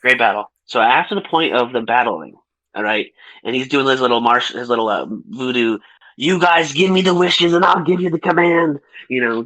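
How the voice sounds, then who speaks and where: A young man co-hosting a casual film review podcast, ranting profanely and laughing through animated retellings. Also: mid-range voice, no room sound, rough recording. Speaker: podcast co-host.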